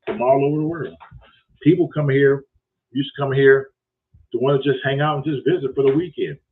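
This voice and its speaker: A man's voice: mid-range voice, brisk. A man hosting his own show, rambling through a casual, profane story with lots of repetition. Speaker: show host. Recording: tinny phone-like sound.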